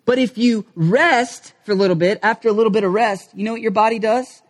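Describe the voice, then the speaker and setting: A male pastor delivering a sermon with lively, animated energy. His voice swings between excited, raised moments and quiet, low-pitched stretches. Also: fairly quick.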